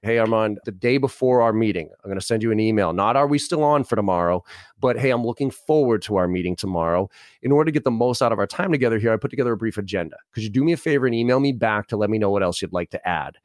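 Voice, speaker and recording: A brash man rattles off sales advice at a rapid clip. His voice sits low, and he acts out both sides of the calls he describes. The sound is dry and close. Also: lively intonation, dry recording. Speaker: sales trainer guest. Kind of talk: podcast conversation, sales advice.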